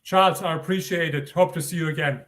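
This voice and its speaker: A man's voice: on the high side, steady tone, fast talker, fairly bright tone. An older man with a German accent, a guest author giving earnest, insistent interview answers and repeating his points.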